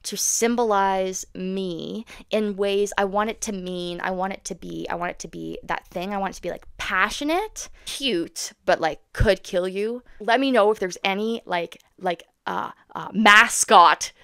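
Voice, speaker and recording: A woman vlogging candidly to camera. She talks fast, rambles and swears frankly. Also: mid-range voice, vocal fry, fairly bright tone, smooth, no room sound, clean studio sound. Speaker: autism content creator.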